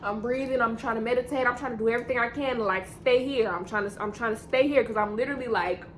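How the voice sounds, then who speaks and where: A woman's voice: a little high, fast talker, slight background noise. A young woman telling a rambling, slang-filled story in a casual storytime vlog, often repeating herself. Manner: rambling, repetitive slang-heavy storytelling with laughs.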